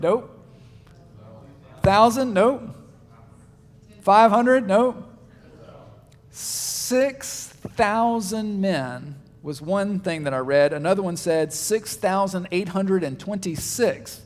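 Casting note: male pastor, bright high voice, chatty sermon delivery, long hall reverb. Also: slow pace. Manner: conversational, animated preaching with audience questions.

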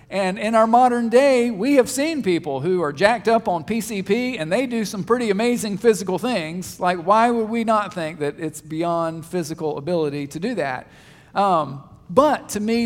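Casting note: male pastor, bright high voice, chatty sermon delivery, long hall reverb. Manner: conversational, animated preaching with audience questions.

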